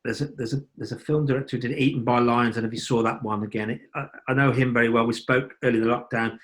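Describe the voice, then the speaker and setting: A man's voice: mid-range voice, steady tone, fast, a bit bright. A male actor talking as a podcast guest in casual chat, rambling and enthusiastic, often restarting his sentences. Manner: rambling, enthusiastic, self-interrupting.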